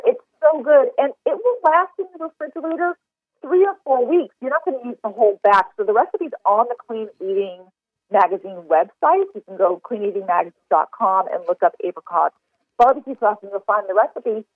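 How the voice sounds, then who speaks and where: A woman's voice: fairly high pitch, expressive, a little fast, dry recording. A woman chef giving cooking advice in a casual podcast interview, enthusiastic and talking in long run-on explanations. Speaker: chef and recipe developer. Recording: tinny phone line, dry.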